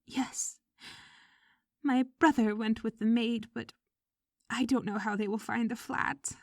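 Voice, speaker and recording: A woman reader voicing a tearful, practical middle-aged woman, speaking high and shaky in an audiobook story. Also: steady tone, slow pace, creaky, a little mellow, no echo, studio quality. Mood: anxious.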